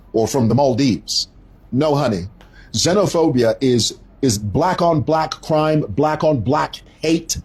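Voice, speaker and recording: Guy ranting on a commentary show, raspy voice, pitch all over the place. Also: poor audio. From Zambia. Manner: animated, storytelling, drawn-out emphasis. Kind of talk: opinionated commentary.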